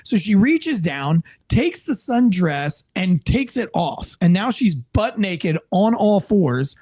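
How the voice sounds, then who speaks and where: An American man and former police officer telling a story in a casual interview, animated and profane, acting out the people in it. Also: sits high, takes it slowly. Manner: animated, profane, acts out quoted voices.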